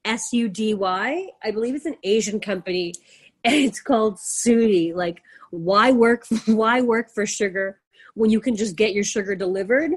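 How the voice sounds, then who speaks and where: A woman's voice: mid-range voice, normal speed, slightly rough. A woman telling stories in casual chat, giggling often and acting out other people's lines. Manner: giggly, animated storyteller. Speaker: podcast guest, influencer.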